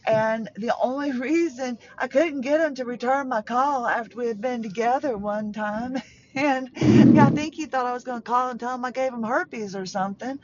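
A woman's voice: a little high, moderate pace, muffled recording, noisy background. A woman in her fifties hosting a podcast, rambling through personal stories from a parked car, emotional and often interrupting herself. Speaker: podcast host.

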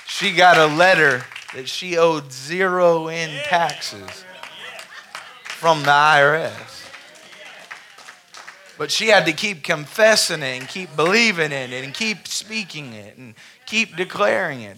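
A male pastor in full sermon mode, a little higher-pitched than most men and keen and bright in tone. He moves between an easy, storytelling voice and impassioned calls to the congregation. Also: animated, slow. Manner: impassioned preaching, calls for amen. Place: church sanctuary before a congregation.

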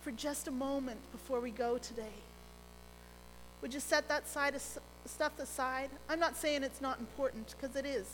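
Lady pastor giving a sermon, high bright voice, echoey hall w faint hum behind. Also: normal speed. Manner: earnest, gentle, drops to a near hush on key phrases.

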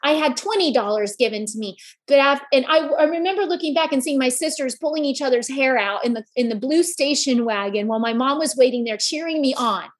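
A woman's voice: sits high, lively intonation, brisk. A woman from Kansas giving an impassioned motivational speech, mixing rallying repeated phrases with personal storytelling. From Kansas, USA. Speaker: motivational speaker. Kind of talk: motivational speech to a live audience.

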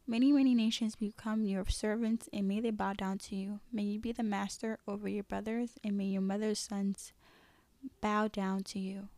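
A woman's voice: mid-range voice, darkish tone, no echo, close to an everyday voice. A woman reading the lines of an aged male patriarch giving a blessing, in a solemn scripture-reading manner.

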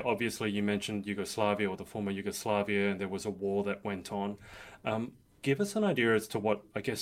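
A man hosting a live interview, asking long, curious questions in a fairly low voice. He is earnest and circles back with "um"s and restarts before he lands a question. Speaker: interview host. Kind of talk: casual interview.

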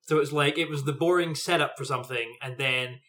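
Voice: medium pitch, brisk, sharp tone. A podcast co-host in a casual movie review chat, explaining at length with frequent restarts.

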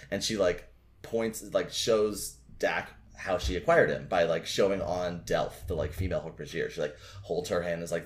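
Low-voiced man doing a rambling casual recap. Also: fairly even intonation, moderate pace. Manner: casual, rambling recap full of filler words. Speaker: podcast host recapping a book. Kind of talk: casual podcast chat and book reading.

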